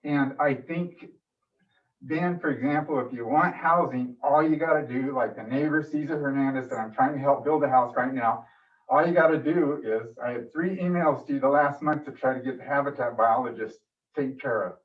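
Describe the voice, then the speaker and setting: A man's voice: mid-range voice, moderate pace. A man giving an emotional, frustrated public comment at a city meeting. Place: council meeting room. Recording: distant dull room mic.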